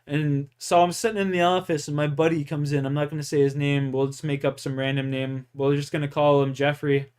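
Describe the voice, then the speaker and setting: Young male streamer from Canada, rambling and profane storyteller, slightly high voice. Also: little pitch movement, fairly quick, hardly any pauses, darkish tone, clear, resonant tone. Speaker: gaming streamer. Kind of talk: casual storytelling.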